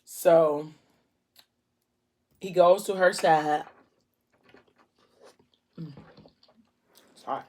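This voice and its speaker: A woman's voice: deep voice, steady tone, extremely slow, long pauses, dark tone. A woman book vlogger in casual chat, retelling scenes in a chatty way with lots of "like"s.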